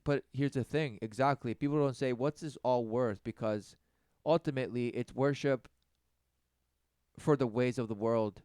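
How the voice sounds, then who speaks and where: A man delivering a mocking sermon rant, often mimicking others in high, sarcastic voices. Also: moderate pace, darkish tone, smooth, dry recording, clean studio sound. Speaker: preacher.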